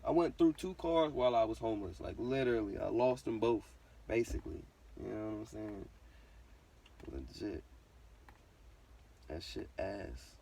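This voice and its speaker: A man's voice: fairly low pitch, animated, normal speed, vocal fry, pauses often, warm tone, distant mic, slight background noise. A young man casually telling a personal story, full of slang and swearing, who says literally constantly. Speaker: vlogger.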